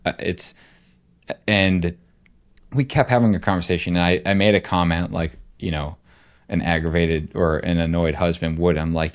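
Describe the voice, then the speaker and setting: A middle-aged man co-hosting a podcast, telling a rambling, animated story in casual chat. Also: low-pitched, moderate pace, clean tone. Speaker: podcast co-host.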